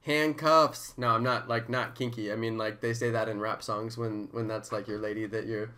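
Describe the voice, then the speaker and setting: A man in his thirties chatting casually and excitably on a live stream, often hyping and chanting. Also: fairly low pitch, normal speed. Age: 30s.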